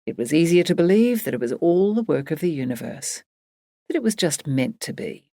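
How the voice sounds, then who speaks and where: A woman narrating an audiobook in a measured, expressive reading. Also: low-pitched, no room sound, studio quality. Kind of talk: scripted narration.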